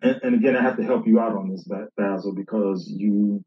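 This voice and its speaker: Speaking a little fast in a lowish voice, a male minister casually counters his critics and reads scripture aloud. His manner is conversational; he repeats himself and talks directly to an opponent. The sound is dull and lo-fi, distant, with a roomy feel.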